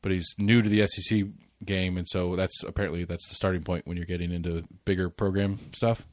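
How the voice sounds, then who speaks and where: A man's voice: low voice, flat delivery, brisk, no room sound. A man in his forties hosting a casual podcast chat, rambling through stories with restarts and laughs. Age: 40s. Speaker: podcast host.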